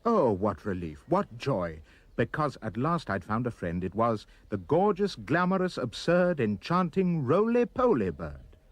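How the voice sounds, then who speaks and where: A man reading a rhyming children's poem aloud with expressive, sing-song delivery. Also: medium pitch, measured pace, dry recording. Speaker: reader.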